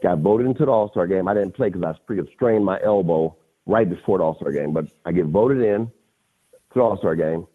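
Husky man telling stories over a tinny line. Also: low-pitched, fairly quick. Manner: animated, laughs often, repeats phrases. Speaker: podcast guest. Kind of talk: casual storytelling. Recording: phone-like lo-fi audio.

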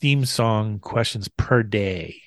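A man's voice: lowish voice, takes it slowly, no echo. Hesitant, dry-voiced male podcast host. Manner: hesitant, repeats words while thinking. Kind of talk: casual chat.

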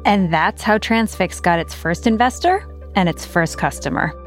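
A woman narrating a podcast in clear, even scripted delivery. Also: on the low side, moderate pace, soft background music.

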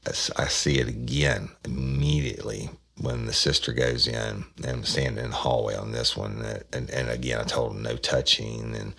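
A man tells a case story in a loose, rambling way. His voice sits extremely low and is thick with gravelly fry and a husky edge. He sounds middle-aged. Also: animated, normal speed, hardly any pauses, bright, forceful tone. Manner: plainspoken, rambling with restarts and quoted dialogue. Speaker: retired detective telling a case. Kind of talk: casual spoken true-crime storytelling.

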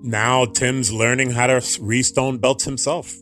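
A man telling his own story in an interview, earnest and halting, often restarting his sentences. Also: medium pitch, fairly even intonation, a bit bright, faint music behind. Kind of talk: personal account in an interview.

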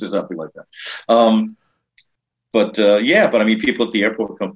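An older man with a New York accent, a comedian telling lively show-business stories in an interview, acting out the voices of people he quotes. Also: low-pitched, a little fast, slightly rough, dull audio. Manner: animated, acts out quoted voices, frequent restarts. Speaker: comedian and guest. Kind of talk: casual anecdotal storytelling.

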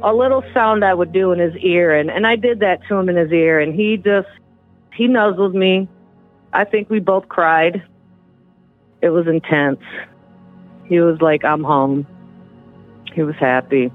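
A woman recounting events in an interview, animated and acting out the voices and sounds she describes. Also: on the low side, normal speed, pauses often, faint music behind. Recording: tinny phone-line audio.

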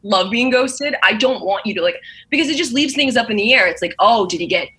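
A woman's voice: a little high, animated, fairly quick, bright, forceful tone, a little hiss or hum. A young woman in casual chat, animatedly telling a dating story and acting out the quotes.

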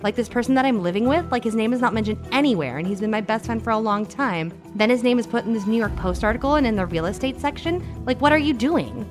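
A woman's voice: fairly high pitch, animated, quick pace, few pauses, music in the background. A woman being interviewed who talks defensively and fills her phrases with "like". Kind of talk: casual chat.

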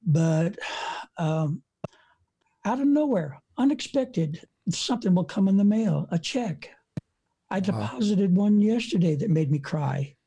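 A man's voice: high-pitched, animated, measured pace, mellow, slightly rough. A man in his seventies, an evangelist preacher, telling stories in a folksy, rambling way with many fillers, speaking from his front porch. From United States. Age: 70s. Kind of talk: storytelling in an interview.

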